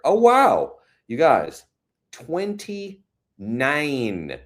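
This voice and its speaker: Low-voiced man chatting on a livestream. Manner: chatty, reads viewer comments aloud, warm reassurance. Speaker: livestream host. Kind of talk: casual livestream chat. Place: home, New York City.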